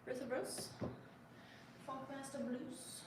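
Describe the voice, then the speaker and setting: Female livestream host, relaxed and chatty, reads comments aloud; sits back from the mic in a boomy room. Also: slow, noisy background. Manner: chatty, reads viewer comments aloud and coos at her cat. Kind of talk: casual livestream chat. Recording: very echoey room, distant mic, faint ambience.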